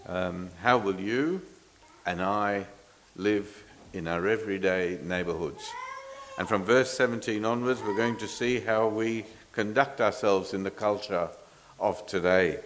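A man's voice: on the low side, unhurried, fairly bright tone, slight background noise. A man preaching an expository sermon, earnest and emphatic, with frequent fillers and restarts, asking the congregation rhetorical questions.

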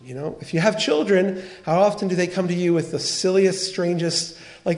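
Male pastor, sermon delivery, earnest and animated, slightly high voice. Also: moderate pace, hardly any pauses. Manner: earnest, animated storytelling with quoted dialogue.

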